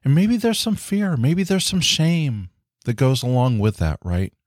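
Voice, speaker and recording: A man's voice: mid-range voice, big pitch swings, measured pace, dry recording. Guy doing his own podcast, sincere and encouraging, lots of "you know", dry close mic. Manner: earnest, encouraging, many "you know" fillers. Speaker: podcast host. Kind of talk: casual solo podcast talk.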